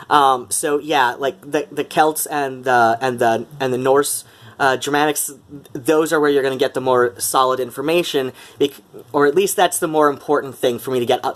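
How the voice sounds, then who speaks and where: A man's voice: mid-range voice, a bit bright. Rambling man in Mid-Atlantic accent. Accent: put-on Mid-Atlantic. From Metro Detroit, USA. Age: middle-aged. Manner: rambling, many fillers and restarts, wry. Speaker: vlogger. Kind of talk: casual talk to camera.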